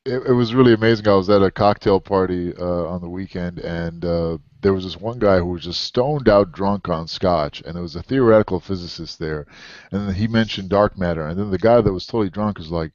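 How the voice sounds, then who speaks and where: A man's voice: low voice, fairly quick, no echo. A man in a casual conversation, telling stories eagerly. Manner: eager storyteller, animated. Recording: dull lo-fi audio, dry.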